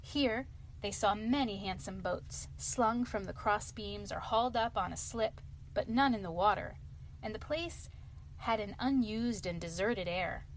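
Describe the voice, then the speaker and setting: A woman hosting a bedtime story show, reading aloud in a gentle, expressive way. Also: mid-range voice, measured pace, a little hiss or hum. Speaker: storyteller host.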